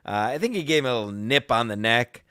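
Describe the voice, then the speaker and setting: A man's voice: mid-range voice, animated, quick pace, pushed and bright, smooth, dry recording, clean studio sound. A man hosting a podcast, telling a story in a crude, combative and profane rant. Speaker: podcast host. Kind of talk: casual ranting chat.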